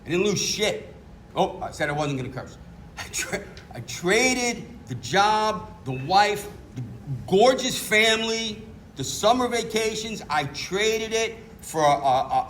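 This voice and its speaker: Animated middle-aged New man. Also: high voice, a little hiss or hum. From New York. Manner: animated storytelling, candid and self-mocking. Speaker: recovery meeting speaker. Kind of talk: personal testimony talk.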